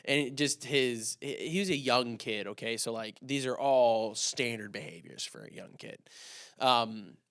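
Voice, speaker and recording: A young man co-hosting a podcast, a youth pastor telling a story in a casual, animated way and acting out the dialogue. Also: medium pitch, unhurried, smooth, no room sound, clean studio sound. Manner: animated, acts out quoted dialogue.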